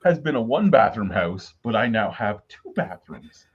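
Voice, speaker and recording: A man's voice: fairly low pitch, big pitch swings, moderate pace, husky. A man hosting a casual beer chat over a video call, blunt and swearing as he rants through stories. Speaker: podcast host. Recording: dull lo-fi video call audio.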